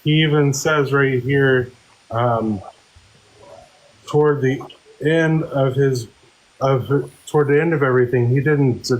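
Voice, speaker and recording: A man steering a live online debate, laying out his points in a measured, explanatory way. His pitch stays in an ordinary middle range. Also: rough recording.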